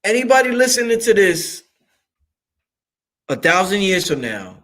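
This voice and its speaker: A man, hosting a show in a loud, excitable monologue that swings up and down and breaks into laughter. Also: a little slow. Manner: loud, excitable, swings high and low, laughs often, swears freely. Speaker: show host. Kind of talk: animated livestream monologue.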